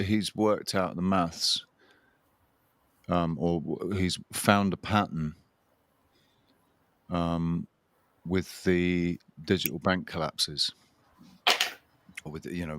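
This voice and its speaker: A man with a low, slightly bright voice hosts a casual livestream, chatting and greeting viewers by name. The recording has no echo.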